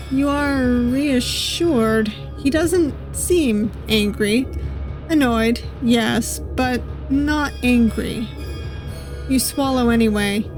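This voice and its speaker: A woman streamer with a fairly high voice reads a visual novel aloud, taking her time. She drops casual, wry asides between lines, with faint game music in the background. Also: darkish tone. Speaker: VTuber gaming streamer.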